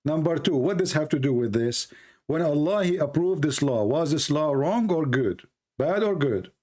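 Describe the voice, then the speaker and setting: A man with an Arabic accent hosting a heated online debate, hoarse and coughing, pressing the same questions again and again. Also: fairly high pitch, lively intonation, moderate pace, a little mellow. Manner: insistent, repeats questions. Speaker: debate host.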